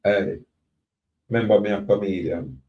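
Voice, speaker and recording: Here the Jamaican-accented man, a self-styled sovereign, addresses viewers in a defiant, sermonizing, meandering monologue. His voice is lowish with fairly even intonation at a moderate pace, and the audio sounds roomy, dull and lo-fi.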